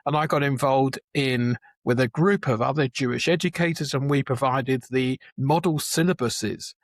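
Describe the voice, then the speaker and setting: Husky older guy in his 70s, chatty storyteller, dry close sound. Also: mid-range voice, moderate pace, dry recording. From England. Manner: chatty storyteller, restarts and chuckles. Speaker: guest, Jewish educator. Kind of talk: conversational interview.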